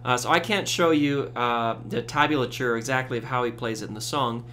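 A man giving a casual ukulele tutorial, relaxed, with frequent fillers, counting beats aloud. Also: medium pitch, normal speed, a little hiss or hum. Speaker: ukulele teacher. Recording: loud ukulele under voice. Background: ukulele strumming.

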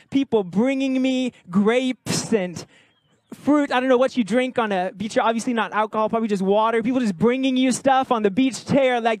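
A man with a notably high voice preaches to his congregation in a loose, chatty way, cracking jokes and throwing out questions to the room. The sound is close and dry, with almost no room echo. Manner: conversational, jokey, asks the congregation questions. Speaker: pastor. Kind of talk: sermon. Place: church service with congregation.

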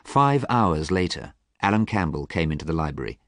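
A man reading a story aloud clearly and expressively for English learners. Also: deep voice, sing-song, normal speed, no echo, studio quality.

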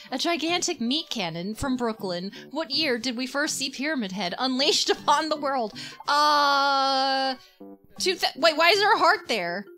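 A woman with a very high, bright voice streams a life-sim game live, laughing constantly and swearing at what she sees. She talks slowly, but her pitch bounces all over. Faint music plays behind her. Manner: giggly, swears often, reacts loudly. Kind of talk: live gameplay commentary.

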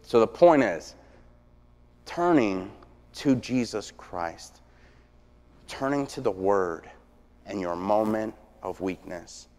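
A man preaching a sermon, telling stories with energy that swings from hushed to shouting. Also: on the low side, animated, slow, pauses often. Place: church sanctuary. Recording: long church reverb.

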